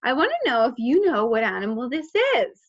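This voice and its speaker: A high-pitched, bright woman's voice swooping up and down as she teaches small children. She talks slowly in an exaggerated, encouraging sing-song and praises often. The recording sounds dull and lo-fi. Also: big pitch swings. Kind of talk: child-directed lesson.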